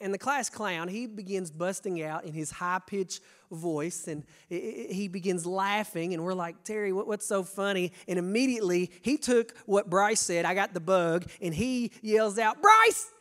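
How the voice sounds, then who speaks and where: Speaking straight to his congregation, a young pastor from Kentucky delivers a folksy, animated sermon in his Kentucky accent. He has a high-pitched voice.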